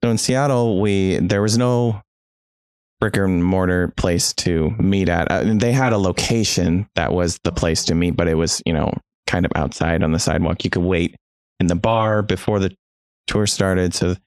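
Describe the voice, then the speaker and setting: A man's voice: low voice, normal speed, smooth, no echo. A man co-hosting a podcast, recounting things casually with dry understatement. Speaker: podcast co-host. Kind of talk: casual chat.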